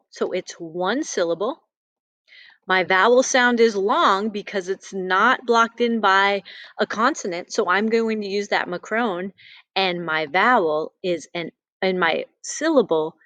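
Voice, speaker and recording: A woman's voice: mid-range voice, fairly bright tone, no room sound. A woman teaching a phonics lesson to young children, patient and sing-song on key words.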